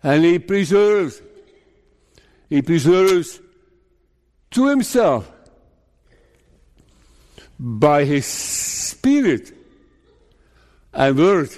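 A man preaching a sermon as pastor, slow and deliberate, putting rhetorical questions to his listeners. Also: on the high side, sing-song, darkish tone. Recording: long reverb of a large hall.

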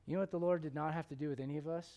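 A man preaching a sermon, telling stories and acting out the quotes, sometimes dropping to a hushed tone. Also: fairly high pitch, racing. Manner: animated storytelling, acts out quotes, drops to hushed tones.

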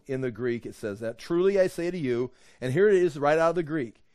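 Lively higher-voiced man teaching scripture. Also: quick pace, hardly any pauses, no room sound, clean studio sound. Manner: animated, acts out quoted voices and rhetorical questions. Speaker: Bible teacher. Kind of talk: verse-by-verse Bible teaching.

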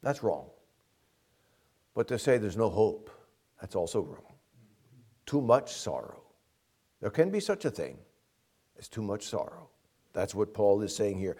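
A man's voice: fairly low pitch, big pitch swings, a little slow, long pauses, warm tone, husky. A man preaching a sermon as pastor, earnest and emphatic, asking the congregation direct questions.

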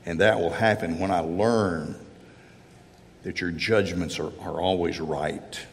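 A man's voice: low voice, fairly even intonation, measured pace, creaky. A man preaching a sermon earnestly, voicing heartfelt prayers in the first person as he speaks to his congregation. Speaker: pastor. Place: church sanctuary. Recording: church hall reverb.

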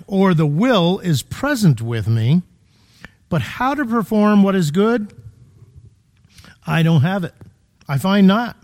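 A man's voice: sits high, darkish tone. A man preaching a sermon in a conversational, emphatic way, full of rhetorical questions, in a church.

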